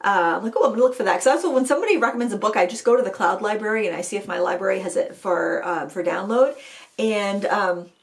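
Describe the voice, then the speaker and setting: A woman's voice: mid-range voice, fast talker, creaky. A woman hosting a casual live chat, telling rambling stories full of fillers and restarts. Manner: chatty storytelling with many fillers and restarts. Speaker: host of an art channel live chat.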